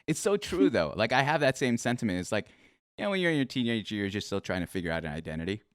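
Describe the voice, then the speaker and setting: A man's voice: lowish voice, very animated, quick pace, no echo, clean studio sound. A man hosting a casual interview, reacting with playful enthusiasm and asking about family. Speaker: podcast host.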